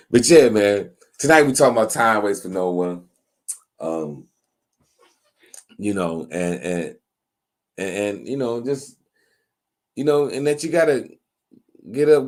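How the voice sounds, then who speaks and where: Halting low-voiced man hosting a live stream. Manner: halting, many restarts and fillers, reads out viewer comments. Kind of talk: casual live stream chat.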